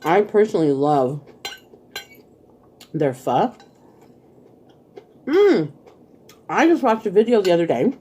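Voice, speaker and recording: A woman's voice: fairly low pitch, very animated, slow, pauses often, warm tone, slight background noise. A woman hosting a casual eating vlog, chatting while she eats and laughing often. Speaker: vlog host. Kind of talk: casual mukbang chat.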